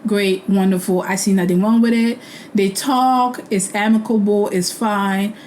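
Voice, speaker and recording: A woman's voice: mid-range voice, steady tone, measured pace, a little mellow, a little hiss or hum, rough recording. A young woman hosting a casual recap, talking bluntly and opinionated. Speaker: host.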